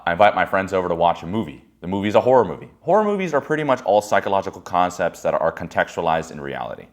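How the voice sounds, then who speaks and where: A man telling personal stories in a candid monologue. He talks bluntly and swears freely, swinging between loud bursts and quiet musing. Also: low voice. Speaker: speaker giving a personal-growth monologue.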